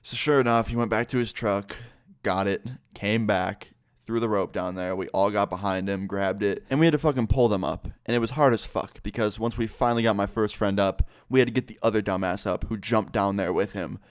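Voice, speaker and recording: A man's voice: on the low side, a little fast, clear, resonant tone, no echo, clean studio sound. A young man telling a rambling, swear-filled story for his vlog. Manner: rambling, profanity-laced storytelling full of fillers. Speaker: YouTuber. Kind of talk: casual story time vlog.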